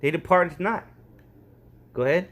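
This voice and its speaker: A man's voice: a little high, a little slow, a bit bright. A man giving loose, slangy commentary on scripture verses, ending his sentences with "man.". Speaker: street preacher.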